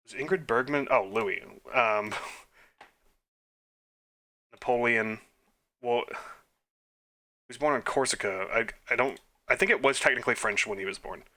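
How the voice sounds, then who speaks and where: A man's voice: medium pitch, measured pace, pauses often, sharp tone. A young man casually thinking aloud as he plays trivia quizzes, muttering answers and making self-deprecating, chatty asides. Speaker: quiz game let's player.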